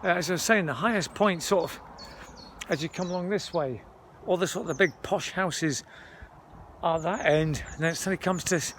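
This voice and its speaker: A man with a slightly raised pitch narrates his walk up a wooded hill. He rambles in a chatty way, often breaking off mid-sentence and catching his breath. The handheld outdoor recording carries faint rural background sound. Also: brisk, a bit bright, a little hiss or hum. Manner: chatty, rambling, self-interrupting. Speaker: vlogger. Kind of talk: walking vlog commentary.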